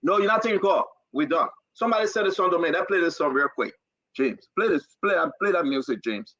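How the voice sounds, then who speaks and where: A man's voice: sits high, animated, fast, a bit bright, no echo, muffled recording. A man with a Liberian accent hosting a talk show, delivering fiery political commentary with repetitive, preacher-like emphasis.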